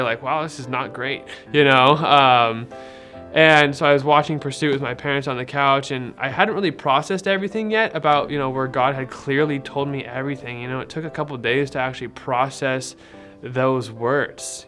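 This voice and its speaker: A young man with a bright, medium-pitched voice shares a casual faith testimony. His telling is rambling and conversational, packed with fillers and retold dialogue.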